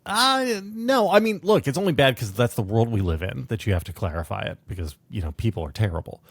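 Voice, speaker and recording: A man co-hosting a podcast argues his point in a wry, deliberate way. His voice rises and falls a lot as he talks. The sound is dry and close, with little room echo. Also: medium pitch, very animated, creaky, husky. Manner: wry, argumentative, deliberate when explaining. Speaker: podcast co-host. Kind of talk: casual political chat.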